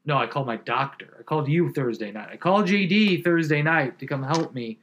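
A man's voice: a little high, animated, fairly quick, a bit bright, dull audio. A man telling a long, profane story in casual chat, laughing often and rambling through fillers.

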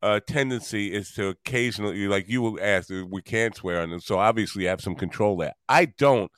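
A middle-aged man hosting a podcast, asking relaxed questions with joking asides. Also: fairly low pitch, fairly quick, dry recording, studio quality. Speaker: podcast host. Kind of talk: casual interview.

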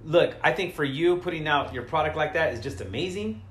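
A man's voice: on the high side, expressive, a little fast, a bit bright, slight background noise. A man from California, a comedian guest who has been drinking, chatting loosely and stuttering with laughs. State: tipsy from drinking. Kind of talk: casual podcast chat. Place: room in his home. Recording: roomy echo.

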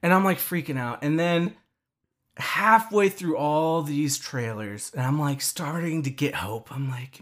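A man co-hosting a podcast, telling a story in casual chat, animated and quick to swear, with many restarts. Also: on the high side. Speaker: podcast co-host.

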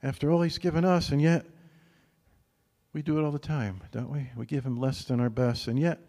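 A medium-pitched male pastor preaches with a loose, talk-it-through style. Frequent quick "right?" check-ins keep his audience involved, and the acoustics suggest a big room.

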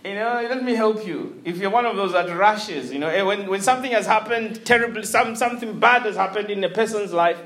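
A man preaching a sermon, telling a story in an animated way with chuckles and restarts. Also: high voice, a little fast, few pauses.

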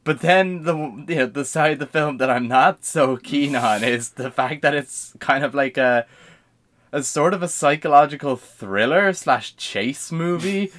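A man's voice: fairly high pitch, unhurried, fairly bright tone. A man co-hosting a podcast in casual chat, rambling and swearing freely with lots of fillers and restarts. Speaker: podcast co-host.

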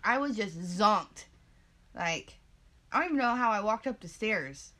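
Bright young woman, laid-back chatter. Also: medium pitch, expressive, unhurried. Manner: laid-back, self-mocking, laughs often. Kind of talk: casual chat.

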